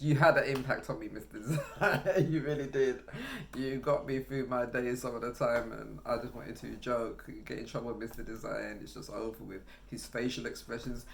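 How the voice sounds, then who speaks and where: A man telling casual stories from his life. He is animated, laughs often and acts out other people's voices. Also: medium pitch, gravelly. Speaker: vlogger. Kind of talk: casual storytelling.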